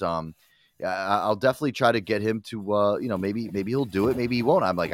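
A man's voice: fairly low pitch, quick pace, no echo. A man hosting a casual radio talk show, rambling and swearing as he hypes up a guest. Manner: profane, rambling, excitable promoter talk. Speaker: host.

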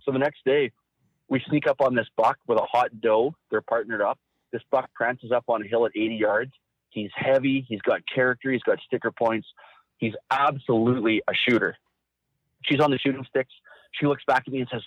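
A man tells a hunting story with intensity, acting out the voices in it. His sound is thin and phone-like, and the voice is close and dry. His pitch sits in the middle range. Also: fairly even intonation, fairly quick, no echo. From Saskatchewan, Canada. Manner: intense, vivid, acts out quotes. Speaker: guest hunter. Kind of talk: animated storytelling. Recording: tinny phone-like line.

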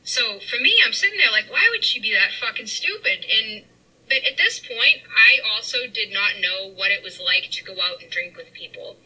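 A woman's voice: mid-range voice, lively intonation, normal speed, bright, forceful tone, breathy edge, low-quality recording. A young woman co-hosting, telling a candid, rambling family story in casual chat, recorded inside a car. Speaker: podcast co-host.

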